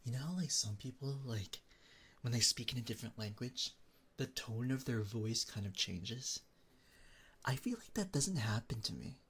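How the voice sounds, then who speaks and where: A young man from the Philippines talks casually to his stream chat, musing aloud and circling back with plenty of fillers. His voice sits at a middling pitch. Clear background noise runs under the home stream recording. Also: lively intonation, moderate pace, fairly bright tone. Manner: chatty, thinks aloud with many fillers.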